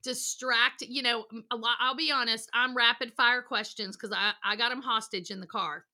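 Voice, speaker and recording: A woman's voice: on the high side, moderate pace. A middle-aged woman counselor giving a podcast interview, talking with energy and acting out little voices as she tells stories. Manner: energetic, animated storytelling with acted voices. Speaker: counselor and guest.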